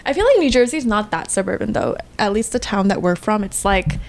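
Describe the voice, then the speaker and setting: A woman's voice: mid-range voice, animated, brisk, creaky, a little mellow. Woman in her twenties, podcast co-host, rambling casual chat with frequent giggles. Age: 20s. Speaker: podcast co-host, eldest sister. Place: podcast studio.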